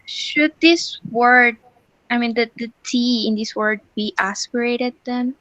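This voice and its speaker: A woman's voice: on the high side, slow pace, a bit bright, no room sound, highs cut off. A woman with a Spanish accent, a student carefully asking a phonetics question in class.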